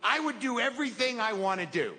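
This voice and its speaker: A man's voice: extremely high pitch, very animated, a little fast, bright, forceful tone, pitched above the performer's own voice, full character voice. A man voicing an elderly father who is earnest and baffled, with a raised voice. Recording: live hall reverb with audience.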